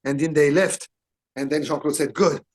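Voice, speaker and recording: Man with a breathy, husky voice. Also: on the high side, fairly even intonation, normal speed, a little mellow. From Belgium. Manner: acts out dialogue, repeats words, short punchy phrases. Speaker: interview guest, actor. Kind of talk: animated storytelling.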